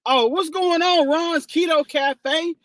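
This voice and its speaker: A man's voice: very high voice, slow, a bit bright, no room sound. A man hosting a casual livestream, greeting viewers by name and laughing often. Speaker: livestream host.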